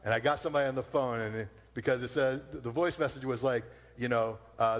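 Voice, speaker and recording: Animated preacher in a reverberant hall. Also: male voice, medium pitch, fast talker, hardly any pauses. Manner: animated, emphatic, storytelling. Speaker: pastor. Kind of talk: sermon.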